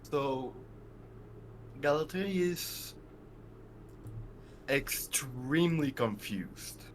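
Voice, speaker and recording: A man playing a tabletop game, speaking in halting, thoughtful bits. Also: medium pitch, animated, slight background noise, poor audio. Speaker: player.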